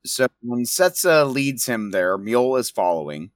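A man's voice: mid-range voice, measured pace, dry recording. Man narrating a tabletop game. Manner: casual, lively narration with swearing. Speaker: game master.

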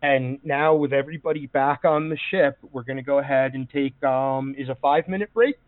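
Talking fairly quickly in a mid-range voice, this game master rambles through scene narration for a tabletop role-playing game, using lots of fillers. The recording is dry and sounds phone-like, as on an online call.

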